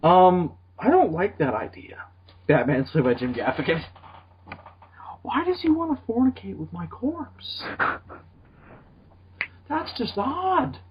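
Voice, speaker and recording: A man's voice: high-pitched, very animated, slow, long pauses, background noise. A young man co-hosting a comedy podcast, rambling and laughing often as he chats. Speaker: podcast co-host. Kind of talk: casual comedic chat. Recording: lo-fi podcast audio.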